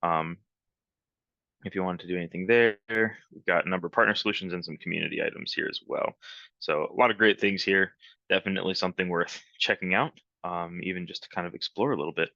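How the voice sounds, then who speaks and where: Male webinar trainer with a deep, bright voice, relaxed and rambling, dry and slightly muffled meeting audio. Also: fast, creaky, no echo. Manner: relaxed, rambling, many ums. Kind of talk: live software training webinar.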